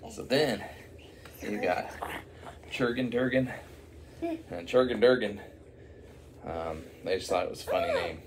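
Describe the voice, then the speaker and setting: A man's voice: fairly low pitch, expressive, unhurried, long pauses, noisy background. A man improvising a silly story, rambling with many fillers and asides.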